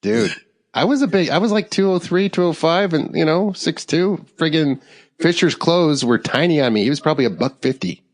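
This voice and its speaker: A middle-aged man co-hosting a podcast, telling a story in a rambling, animated way and laughing along with it. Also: a little high, moderate pace. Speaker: podcast co-host. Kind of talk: casual storytelling. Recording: long hall reverb.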